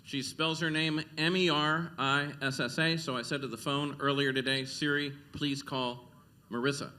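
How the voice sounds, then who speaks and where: Bright-voiced deadpan male comedian. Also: fairly high pitch, moderate pace, clear, resonant tone. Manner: deadpan one-liners. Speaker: stand-up comedian. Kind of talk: stand-up comedy set. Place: stage at a comedy club.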